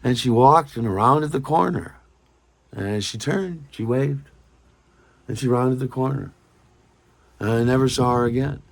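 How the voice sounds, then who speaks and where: A man telling a personal anecdote in a rambling, halting way, often repeating his words. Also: mid-range voice, vocal fry. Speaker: storyteller. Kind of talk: personal anecdote told casually.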